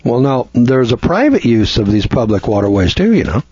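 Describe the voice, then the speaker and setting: Blunt, husky male lecturer. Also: mid-range voice, big pitch swings, moderate pace, darkish tone, no echo. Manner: blunt, scornful, rambling with restarts. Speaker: seminar lecturer. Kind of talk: folksy lecture. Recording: dull lo-fi recording.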